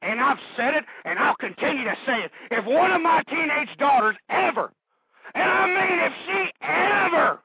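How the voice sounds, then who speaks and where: A middle-aged man hosting a call-in radio show, ranting and shouting in bursts. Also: very high-pitched, expressive, moderate pace, gravelly, a little hiss or hum. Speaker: radio talk show host. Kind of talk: call-in talk radio rant. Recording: dull lo-fi radio audio.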